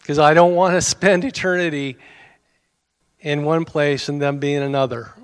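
A man's voice: on the high side, steady tone, normal speed, clean tone. A middle-aged American man preaching a sermon in a conversational way, with asides to his congregation and small chuckles. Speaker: pastor.

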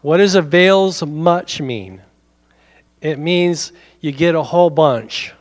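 A man preaching from the pulpit of a church, his voice pitched a little high for a man. He keeps it animated and conversational, tossing asides to the congregation between his points. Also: slow. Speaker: pastor. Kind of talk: sermon.

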